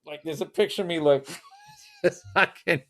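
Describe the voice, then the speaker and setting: A man co-hosting a podcast, telling animated, profane stories in casual chat. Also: fairly high pitch, normal speed. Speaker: podcast co-host.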